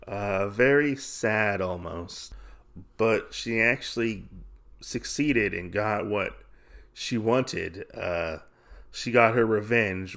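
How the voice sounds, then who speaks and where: A man's voice: fairly low pitch, gravelly, a bit bright. A man hosting a podcast, casually recapping a comic-book issue in a rambling way with many fillers. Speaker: podcast host.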